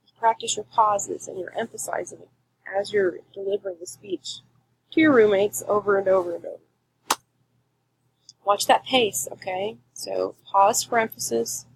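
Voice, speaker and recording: A woman teaching a class, giving clear, emphatic instructions in a recorded lecture. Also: medium pitch, moderate pace, a little hiss or hum, rough recording.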